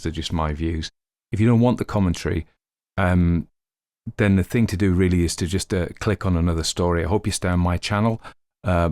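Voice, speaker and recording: Low-voiced guy reading and chatting about old stories, rambly, lots of ums, dry close mic. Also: a little mellow, dry recording. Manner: rambling, self-correcting, chatty asides. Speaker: audiobook reader and podcast host. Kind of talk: story narration and casual commentary.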